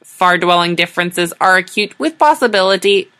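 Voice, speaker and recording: A woman voicing an alien translation device that speaks in slow, stilted, oddly worded phrases. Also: on the low side, animated, fairly bright tone, voice pushed up. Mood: cryptic. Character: cryptic alien translation device, sexless machine.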